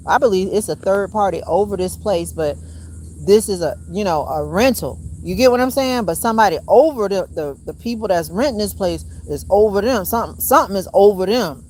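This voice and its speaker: A woman's voice: mid-range voice, slight background noise. A woman vlogging in a casual monologue, rambling and emphatic, swearing often and calling her viewers y'all. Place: rented home.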